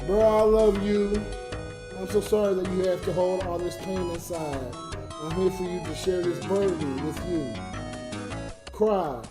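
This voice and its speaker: A man's voice: sits high, steady tone, measured pace. A drunk man rambling emotionally to his viewers during a late-night livestream, reading donations between rants. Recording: roomy with music behind. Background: music.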